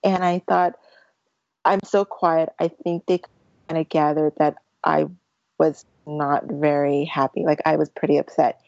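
A woman telling a long personal story about a race as a guest, talking in halting bursts with many restarts and becoming tearful at times. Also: low-pitched, level tone, vocal fry, darkish tone, no echo. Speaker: ultramarathon runner guest. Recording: dry, dull lo-fi audio.

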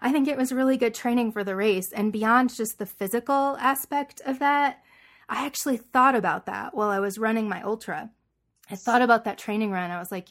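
A woman's voice: a little high, normal speed. A woman co-hosting a podcast, telling a personal story casually with many "like" fillers. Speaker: podcast co-host. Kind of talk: casual chat.

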